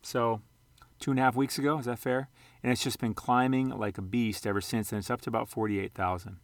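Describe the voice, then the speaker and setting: A man's voice: mid-range voice, steady tone, fairly quick, no room sound. A man casually walking through charts for his channel, rambling and correcting himself with joking asides. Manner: rambling, self-correcting, jokey. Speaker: sports card and investing vlogger. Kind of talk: casual screen-share commentary.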